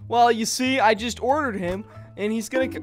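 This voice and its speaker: A man hosting a playful gaming video, joking around with sudden shouted bursts. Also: very high-pitched, normal speed, faint music behind. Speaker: YouTube gamer host. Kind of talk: playful gameplay banter.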